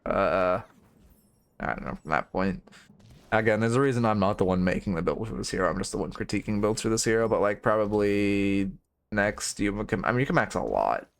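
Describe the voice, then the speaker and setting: A man's voice: on the low side, expressive, fairly quick, vocal fry, clean tone. A young man streaming and coaching a game, rambling through frank, profane critique in casual commentary.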